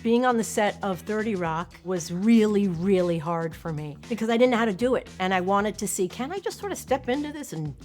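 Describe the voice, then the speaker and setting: Animated and brisk, with few pauses, a medium pitch, and a darkish tone, a Long Island, New York actress chats candidly in an interview. Faint music plays behind her close-miked voice, and her casual reflections lean self-deprecating.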